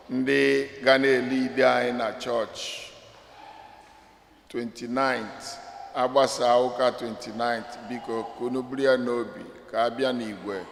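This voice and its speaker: A man reads parish announcements at an unhurried, deliberate pace. His voice has a middle pitch. It rings through a large church with a long reverb. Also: gravelly. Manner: slow, measured, mixes English with Igbo. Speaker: priest giving parish announcements.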